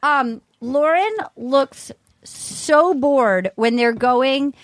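High-voiced, excitable woman cohost. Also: very slow, dry recording, studio quality. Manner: excitable, profane, acts out bits. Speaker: podcast co-host. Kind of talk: casual chat recapping a reality show.

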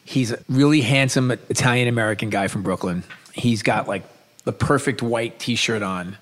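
A man with a New York accent co-hosting a podcast, telling food stories with enthusiasm and quick restarts. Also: medium pitch, a bit bright. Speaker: podcast co-host. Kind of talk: casual chat.

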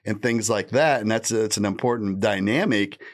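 A man's voice: fairly low pitch, moderate pace. A man with a Midwestern American accent telling stories on a podcast in a laid-back, rambling way, laughing often. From Indiana, Midwest US. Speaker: podcast guest, former undercover cop. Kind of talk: casual storytelling.

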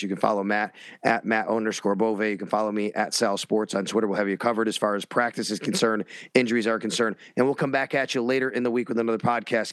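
A man hosting a casual sports podcast, talking in quick bursts with restarts and self-corrections. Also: fairly low pitch, dry recording. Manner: rapid, self-interrupting, restarts sentences. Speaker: podcast host.

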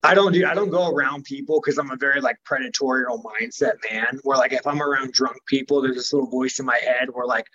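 Blunt fighter guest, a man with a husky voice on a muffled recording, swears a lot and rambles. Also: medium pitch, fast, few pauses, pushed and bright. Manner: blunt, profane, rambling with many fillers. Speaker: professional fighter. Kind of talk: casual interview chat.

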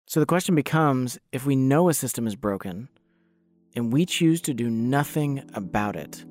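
A man from the United States giving calm, reflective devotional narration. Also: mid-range voice, moderate pace. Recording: voice-over over clear guitar music.

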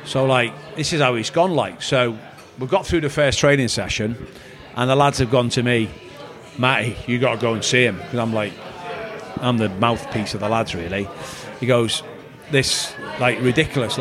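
A man's voice: mid-range voice, normal speed, fairly bright tone. Guy, middle-aged ex footballer, rambling stories, acts out what people said. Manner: rambling anecdotal, quotes others in voices. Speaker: former footballer. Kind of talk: storytelling chat.

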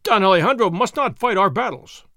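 A man voicing an excitable young nobleman who bursts out with eager cries in a storybook reading. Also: high voice, a little fast, no echo, clean studio sound, pitched above the performer's own voice, exaggerated voice. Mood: excited. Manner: excited outbursts.

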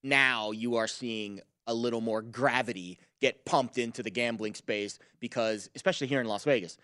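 A man from New Jersey co-hosting a casual sports betting show, talking in an animated, jokey way. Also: medium pitch, normal speed, dry recording. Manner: animated, jokey, leans on clichés.

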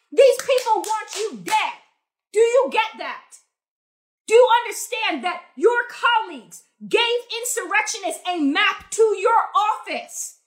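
A young American woman with a high, sharp voice delivers an angry political rant as a commentator. She's profane and sarcastic, hitting her words with heavy emphasis.

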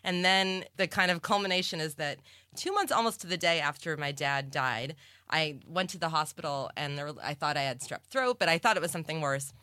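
Bright-voiced woman telling a story. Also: sits low, no echo, studio quality. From Cape Cod, Massachusetts. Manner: storytelling with many "like" fillers and quick laughs. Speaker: author guest. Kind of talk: casual interview chat.

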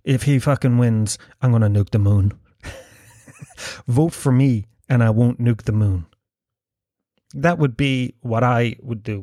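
A man's voice: mid-range voice, darkish tone, no echo, clean studio sound. A man with an Irish accent hosting a casual solo podcast, rambling, jokey and full of swearing. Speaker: podcast host.

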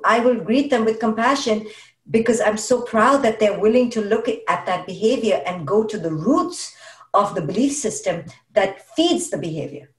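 A woman's voice: on the high side, distant mic. Emphatic woman speaking from off-mic. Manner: emphatic, repeats words for stress. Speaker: guest speaking on parenting. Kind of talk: conversational podcast talk. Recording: roomy sound, voice off-mic.

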